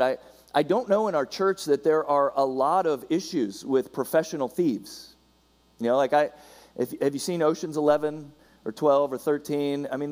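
A man's voice: mid-range voice, darkish tone. A male pastor giving a conversational sermon to his church, with frequent restarts and casual asides. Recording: long hall reverb.

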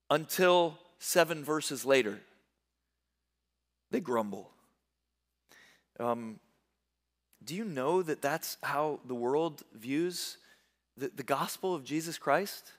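A man preaching a sermon as pastor, swinging from hushed low lines to loud bursts and often repeating words as he goes. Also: lively intonation. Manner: stumbles into quick word repeats.

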